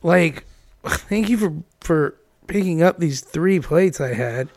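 High-voiced wisecracking man. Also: expressive, slow pace, darkish tone, dry recording, clean studio sound. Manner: wisecracking, joking asides. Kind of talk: casual chat.

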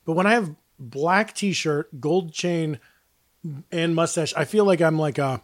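Quipping higher-voiced male podcaster. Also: measured pace, dry recording. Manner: dry joking quips. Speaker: podcast co-host. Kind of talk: casual chat.

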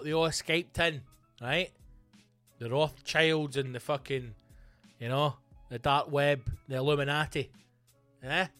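A man's voice: a little high, a bit bright, no room sound. Sweary man ranting. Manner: sweary, sardonic, mimics voices. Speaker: podcast host. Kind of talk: profane rant.

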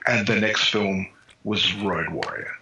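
A man's voice: fairly low pitch, steady tone, a little slow, pushed and bright. A man in his fifties with an Australian accent, a podcast guest telling stories in casual chat. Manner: chatty storyteller. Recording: echoey room with faint noise.

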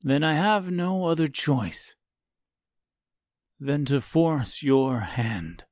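A man voicing a broken, menacing old man in an audiobook, speaking quietly and slowly. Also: fairly high pitch, expressive, no room sound, studio quality. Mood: grim resolve.

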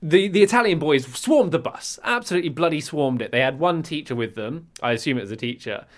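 A man's voice: a little high, lively intonation, a little fast. An English man co-hosting a podcast in casual chat, telling stories in a rambling, self-mocking way. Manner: rambling storyteller, self-mocking, bursts into loud repeated lines. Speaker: podcast co-host.

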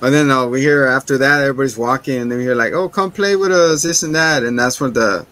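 A man's voice: mid-range voice, quick pace, sharp tone. A man co-hosting a movie review podcast, casually retelling the plot and quoting the characters. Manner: retells the plot, slipping into quoted voices. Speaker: podcast co-host.

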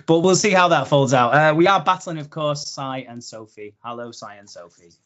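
A man's voice: on the high side, moderate pace, a bit bright, dull audio. Jokey male podcast host. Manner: jokey, laughs often. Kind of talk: casual podcast banter.

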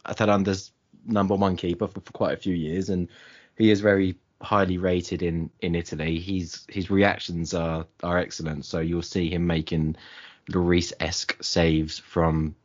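A man co-hosting a football podcast, giving relaxed, analytical takes on players. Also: low voice, moderate pace, highs cut off. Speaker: podcast co-host. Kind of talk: casual football chat.

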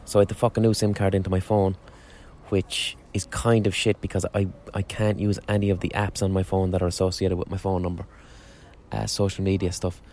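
A man's voice: low voice, little pitch movement, brisk, darkish tone, slight background noise. A man hosting a podcast outdoors on a street corner, talking in a rambling, sweary monologue with frequent restarts. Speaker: podcast host. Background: faint street ambience.

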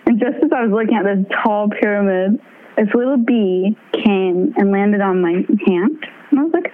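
Guest: bubbly young woman, higher voice, laughs through her stories, heard over a tinny phone line. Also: moderate pace, a little hiss or hum. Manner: bubbly, laughs often, animated storytelling. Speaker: touring musician, guest. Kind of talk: casual interview chat.

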